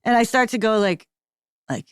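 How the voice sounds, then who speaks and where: A woman's voice: on the high side, normal speed, clean tone, no room sound, studio quality. A woman co-hosting a comedy podcast in casual chat. She rambles through her thoughts and interrupts herself, tagging lines with "okay?". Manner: rambling, self-interrupting, keeps asking "okay?". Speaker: podcast co-host.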